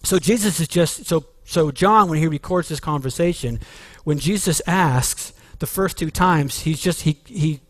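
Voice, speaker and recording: Male pastor preaching a sermon, slow and deliberate delivery, earnest emphasis, dry close sound. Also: a little high, no room sound.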